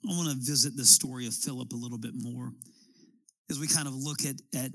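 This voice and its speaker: A man's voice: medium pitch, steady tone, a little fast, creaky, a bit bright, no room sound, poor audio. A man preaching a sermon as a pastor, building his points with emphatic, rising appeals.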